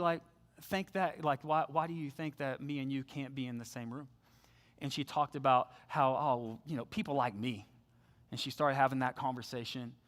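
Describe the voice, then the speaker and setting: A young man delivers a church sermon in a notably high voice. He tells stories in a loose, chatty way and drops to a soft hush when he urges the listeners. He speaks on a microphone in the sanctuary. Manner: conversational storytelling, drops to soft hushed tones when making appeals. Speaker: preacher.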